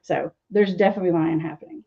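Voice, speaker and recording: A woman's voice: fairly low pitch, fast, lo-fi sound. A woman recovery coach answering interview questions in a teasing, sarcastic way, often laughing. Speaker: guest speaker, addiction recovery coach.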